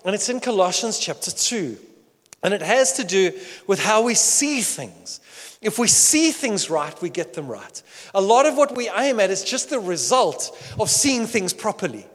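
Animated high-voiced preacher in a hall. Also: male voice, normal speed. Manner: animated, acts out quoted voices with bursts of shouting and laughter. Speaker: pastor. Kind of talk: sermon.

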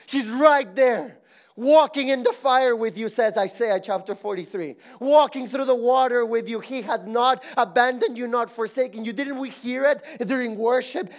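A middle-aged man from Mexico preaching a sermon, swinging between soft intimate moments and loud emphatic passages, his voice going hoarse. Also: very high voice, moderate pace. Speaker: pastor.

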